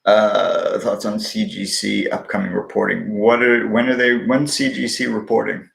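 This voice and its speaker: A man hosts a casual live stream, talking bluntly with profanity and quick jokes. His voice is gravelly and sits a bit low. The sound is echoey, as if he is in a bare room. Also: flat delivery, fairly bright tone. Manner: blunt and profane, wisecracking, hums to himself. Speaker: livestream host answering viewer questions on stocks.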